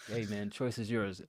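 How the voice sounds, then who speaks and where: A man co-hosting a casual podcast chat, asking wry, teasing questions. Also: lowish voice. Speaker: podcast co-host.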